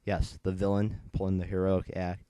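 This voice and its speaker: Deep-voiced teenage comic reviewer. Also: male voice, monotone, moderate pace, warm tone, smooth, no echo. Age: late teens. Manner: chatty and digressive, retelling the plot.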